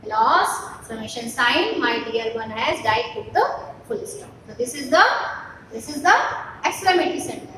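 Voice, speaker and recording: A woman's voice: fairly high pitch, lively intonation, normal speed, fairly bright tone, recorded from a distance, a little hiss or hum. Indian woman teacher in an echoey room. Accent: Indian English. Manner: repetitive, explains each example twice. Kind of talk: classroom grammar lesson.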